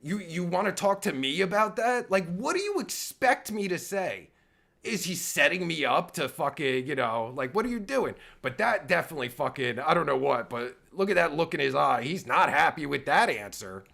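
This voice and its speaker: A man's voice: on the high side, big pitch swings, moderate pace, creaky, bright, forceful tone. A man giving sarcastic, taunting commentary as a podcast guest, swearing heavily and mocking his host.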